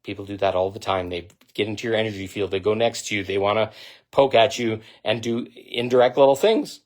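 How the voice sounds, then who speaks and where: Blunt, profane, impassioned man. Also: fairly quick. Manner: blunt, profane and impassioned, swinging between loud outbursts and low intensity. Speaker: spiritual vlogger. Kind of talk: direct-to-camera monologue.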